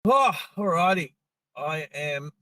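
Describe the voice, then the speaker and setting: A man's voice: a little high, lively intonation, slow, sharp tone, dry recording, low-quality recording. A man hosting a live stream from his car, chatting to viewers in a rambling way as he drives. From Australia. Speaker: live-stream driving host. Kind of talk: casual live-stream chat while driving. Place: inside a car on the road.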